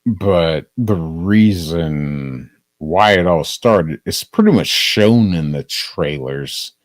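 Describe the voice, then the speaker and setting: A man's voice: sits low, lively intonation, slow, dry recording. A man streaming a casual, profane movie review, rambling and leaning on "um" and "uh". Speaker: live streamer.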